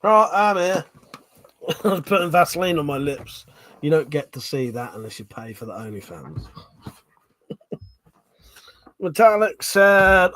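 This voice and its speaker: A man's voice: sits high, sing-song, takes it slowly, pauses often, bright, forceful tone. A man hosting a live stream, chatting casually with viewers and laughing often between jokes and swearing.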